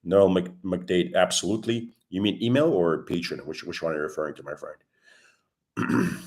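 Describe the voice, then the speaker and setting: Man, very deep voice, sore throat, throat-clearing, calm livestream chat, desk mic. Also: moderate pace. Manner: calm, explanatory, greets viewers warmly by name. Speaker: crypto livestream host.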